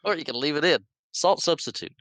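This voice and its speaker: A man's voice: a little high, fast talker, a bit bright, no room sound. A man co-hosting a podcast, chatting casually about a movie, often repeating words as he restarts and chuckling along. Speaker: podcast co-host. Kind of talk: casual movie recap chat.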